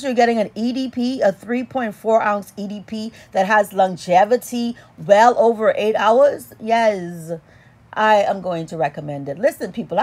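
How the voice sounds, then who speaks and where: A woman giving a casual perfume review in a sassy, animated, playful way with dramatic emphasis. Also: medium pitch. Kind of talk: casual product review vlog.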